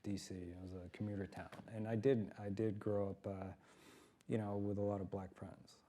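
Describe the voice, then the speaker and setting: Guy on a writers panel, lowish voice, lots of um and you know. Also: little pitch movement, normal speed, mellow. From Japan. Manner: hesitant, many fillers. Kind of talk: panel discussion. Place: conference stage.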